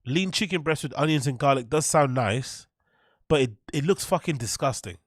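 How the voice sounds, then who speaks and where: A man's voice: medium pitch, animated, moderate pace, no room sound, clean studio sound. A man hosting a reaction show, ranting in mocking, incredulous, sweary bursts. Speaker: host. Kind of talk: reaction commentary.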